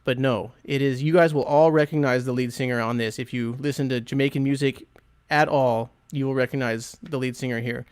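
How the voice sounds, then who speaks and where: A man hosting a music podcast talks with eager enthusiasm, his voice smooth and clear. He fills his sentences with ums and asides. The sound is dry and close, with no room echo. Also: medium pitch, steady tone, fairly quick, a little mellow. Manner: chatty, enthusiastic, full of fillers. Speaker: podcast host and record selector. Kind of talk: casual chat.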